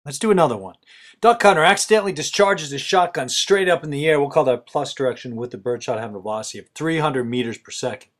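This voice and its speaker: A man's voice: fairly high pitch, fast. A man plainly reading physics word problems aloud as a teacher.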